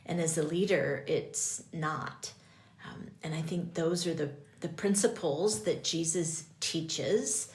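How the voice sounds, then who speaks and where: A woman's voice: low-pitched, slow, roomy sound. An older woman, a priest and guest, talking in a reflective way about leadership and often checking in with "right?". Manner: reflective, often asks "right?" with many ums. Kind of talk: faith-based leadership conversation.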